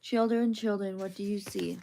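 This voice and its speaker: A woman reading children's picture books aloud as soft ASMR bedtime reading, in a gentle, sing-song rhythm. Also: medium pitch, steady tone, normal speed, gravelly, slight background noise.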